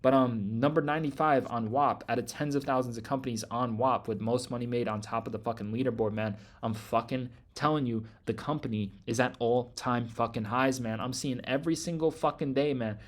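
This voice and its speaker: A man hosting a trading group, delivering a hyped promotional rant, loud and emphatic, swearing constantly and repeating himself. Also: mid-range voice, steady tone, a little fast, few pauses.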